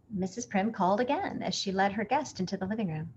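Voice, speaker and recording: A woman reading a picture book aloud with expressive, animated storytelling. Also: mid-range voice, quick pace, breathy edge, lo-fi sound.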